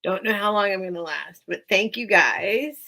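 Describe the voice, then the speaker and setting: A creaky, sharp-toned, mid-range female voice moves at a moderate pace. The speaker is hosting a casual live-stream sale from a small room at home with a towel under the door, talking freely, getting distracted, and laughing often.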